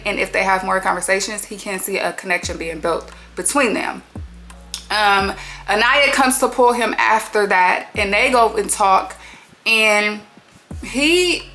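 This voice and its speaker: A woman hosting a reality show recap, talking in an animated, sassy way full of slang and swearing. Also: medium pitch. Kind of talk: casual TV recap commentary.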